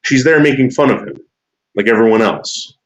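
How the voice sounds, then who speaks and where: A man's voice: medium pitch, normal speed, lo-fi sound. A man rambling to his chat on a livestream, cursing often and repeating words as he starts his sentences. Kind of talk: rambling casual stream chat.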